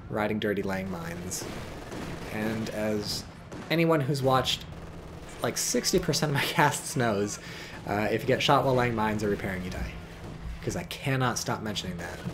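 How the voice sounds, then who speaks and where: A man's voice: lowish voice, noisy background. A man giving casual, rambling commentary on a strategy game, joking and swearing as he goes. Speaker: game caster.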